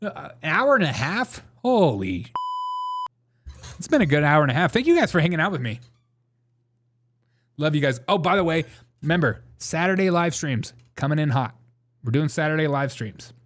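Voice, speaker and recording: A man's voice: on the high side, animated, a little fast, long pauses. Jokey man rambling on a live stream. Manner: rambling, jokey, laughing often; reads chat and answers it. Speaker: host of a live show. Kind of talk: casual live-stream chat with viewers.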